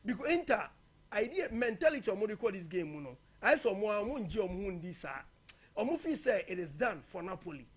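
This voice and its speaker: A man's voice: high voice, very animated, quick pace, breathy edge. A man previewing football matches in a casual, emphatic way, slipping local-language phrases into his talk. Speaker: football pundit.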